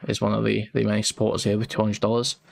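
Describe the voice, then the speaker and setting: A man narrating a commentary video in a measured, hesitant way, pausing with fillers. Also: on the low side, monotone, vocal fry, darkish tone.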